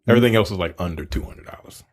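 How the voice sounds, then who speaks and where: A man's voice: low voice, very fast. A man co-hosting a film review podcast, chatting casually and adding dry, crude quips. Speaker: podcast co-host. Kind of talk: casual comedic chat.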